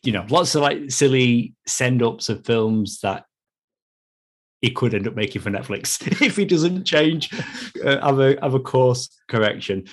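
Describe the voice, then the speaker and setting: A man's voice: mid-range voice, lively intonation, measured pace. Casual male podcast host, loose, laughs a lot. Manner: laughs between phrases, loose and chatty. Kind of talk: casual film review chat.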